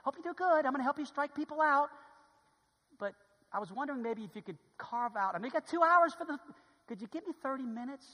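A man preaching a sermon in a church, dramatic and animated, acting out little scenes and swinging between loud exclamations and hushed asides. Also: extremely high pitch, fast talker. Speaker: pastor. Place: church sanctuary. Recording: hall reverb.

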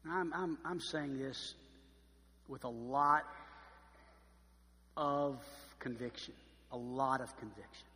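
A man preaching a sermon as pastor, emphatic and swinging from quiet, slow stress to loud emphasis. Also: mid-range voice, big-room sound.

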